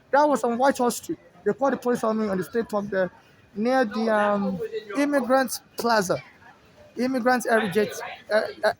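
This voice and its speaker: A man with a Nigerian accent and a very high voice vents outdoors. He talks fast and keeps circling back to the same grievances, speaking straight to the official he blames. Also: poor audio. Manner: agitated, repetitive, addresses an official directly. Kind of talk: direct-to-camera complaint. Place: outdoors in a city.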